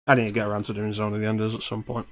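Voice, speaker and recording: A man's voice: fairly low pitch, monotone, racing. A man co-hosting a casual streamed chat, wry and joking as he plans a script reading. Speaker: podcast co-host.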